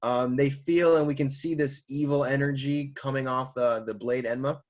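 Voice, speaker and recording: A man's voice: medium pitch, moderate pace, lo-fi sound. A man casually recapping a comic chapter, laughing and acting out the characters' lines as he goes. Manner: animated, laughing, acts out lines. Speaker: manga reviewer. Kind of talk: casual comic read-through.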